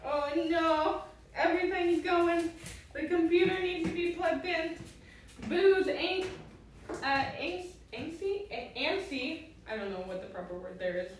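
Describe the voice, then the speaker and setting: A woman's voice: very high voice, measured pace. A woman teaching a live-streamed roller skating lesson, chatty and giggly, breaking off to coax her dog. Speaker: roller skate instructor. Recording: very echoey, far from the mic, faint noise.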